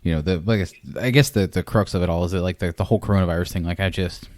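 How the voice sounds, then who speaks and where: A young adult man co-hosting a podcast, talking in a rambling, halting way, full of fillers and swearing. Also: low-pitched, a little mellow, dry recording, clean studio sound. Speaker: podcast co-host. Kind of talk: casual chat.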